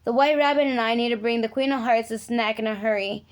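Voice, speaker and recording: A woman's voice: fairly high pitch, quick pace, close to an everyday voice. A woman reading a storybook aloud, voicing a polite, eager young girl in a lightly raised voice.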